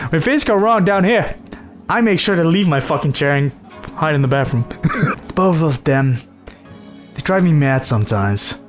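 A man from the Netherlands giving excitable, swearing gameplay commentary. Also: on the high side, moderate pace, soft background music. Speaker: gamer.

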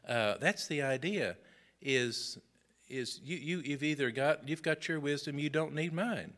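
A man's voice: fairly high pitch, unhurried, fairly bright tone. A middle-aged man teaching Sunday school, preaching on a Bible passage with folksy asides and mock back-and-forth with his listeners.

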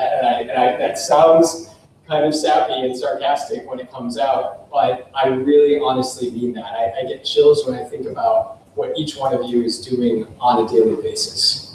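A man's voice: medium pitch, a little mellow, a little hiss or hum. An American man giving an informal workshop talk, enthusiastic and effusive, with frequent fillers. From United States. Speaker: workshop speaker. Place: workshop room. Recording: echoey room, voice from far off.

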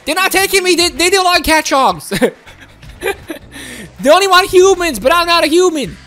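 A woman giving excited commentary while playing a game, exclaiming and giggling. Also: extremely high pitch, normal speed, faint music behind. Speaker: gaming video creator.

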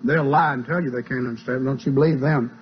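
Folksy preacher on an old tape. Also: male voice, medium pitch, fairly even intonation, fast talker. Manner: folksy, plain-spoken teaching. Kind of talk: sermon. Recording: dull lo-fi tape with mains hum.

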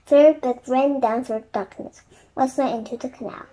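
High-voiced woman narrating a kids' chapter book aloud, gentle and quiet. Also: normal speed, poor audio. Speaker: storybook reader.

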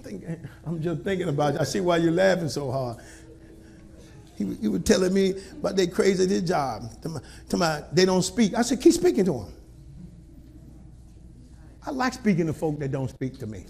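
A male pastor preaching a sermon in a call-and-response style, swinging between quiet asides and shouted lines. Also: high-pitched, expressive, moderate pace, creaky, pauses often, slight background noise.

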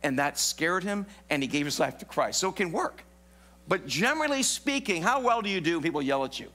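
A man preaching a sermon in a church, animated and playful, joking with the congregation. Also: fairly high pitch, a little fast. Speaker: pastor. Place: church sanctuary. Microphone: live broadcast mic.

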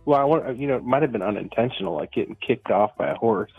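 Husky, gravelly man on a tinny phone line. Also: mid-range voice, quick pace, soft background music. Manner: laid-back, joking along. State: recovering from surgery, lying on a couch. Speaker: caller.

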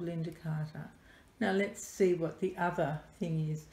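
A woman unboxing a parcel on camera as a doll collector vlogger, gushing and softly delighted, often dropping to breathy whispers. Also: deep voice, steady tone, unhurried. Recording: echoey room with faint noise.

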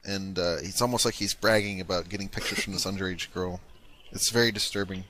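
A man calls on the phone and answers politely and calmly. His voice is low yet bright, with a faint hiss of noise behind it. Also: a little fast. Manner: polite and calm, repeating "yes, ma'am". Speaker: prank caller. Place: on a phone call.

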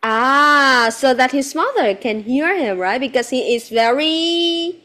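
A woman teaching English one-on-one to a child. Her voice is high, and her delivery is slow and deliberate. She quizzes with patient, repeated yes-no questions and slips into now and then. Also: animated, pushed and bright. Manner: mixes in Vietnamese phrases.

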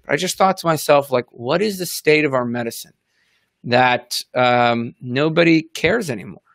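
A man's voice: mid-range voice, moderate pace, vocal fry, a bit bright, no room sound. A man hosting a live chat, telling a story with many hesitations and fillers. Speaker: host. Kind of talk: casual chat.

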